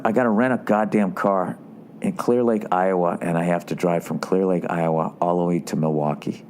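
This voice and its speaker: A man's voice: low-pitched, a little mellow, a little hiss or hum. A man hosting a podcast, telling a story in an exasperated, sarcastic rant full of swearing. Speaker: podcast host. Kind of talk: profane ranting storytelling.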